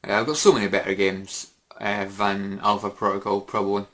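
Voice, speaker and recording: A man's voice: lowish voice, little pitch movement, brisk, fairly bright tone. A man hosting a casual Q&A vlog, rambling and hesitant with many fillers and restarts. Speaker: YouTube gaming channel host.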